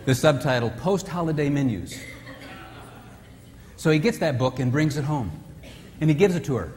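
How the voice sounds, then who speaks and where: A man with a high-pitched voice gives a playful seminar talk and brings his stories to life. His voice carries a long reverberant tail through a large hall. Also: normal speed, a little hiss or hum. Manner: animated storytelling, acting out characters. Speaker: retreat speaker. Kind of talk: humorous marriage seminar talk.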